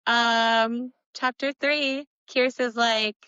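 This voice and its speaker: A woman's voice: medium pitch, fairly even intonation, unhurried, bright, forceful tone, no room sound, muffled recording. A young woman co-hosting a casual book podcast, recapping chapters in a chatty way with giggles and filler words.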